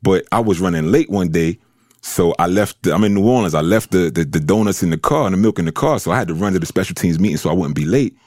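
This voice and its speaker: A man's voice: low-pitched, fast talker, no echo, studio quality. A man from New York, a former football lineman, telling stories in casual chat and laughing often. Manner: animated storyteller, laughs often.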